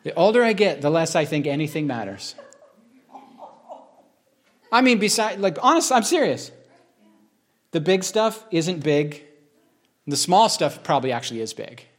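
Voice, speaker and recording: A man teaching informally from the Bible to a small group, reading passages slowly and emphatically and then talking in earnest, conversational asides. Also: fairly high pitch, very animated. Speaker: preacher.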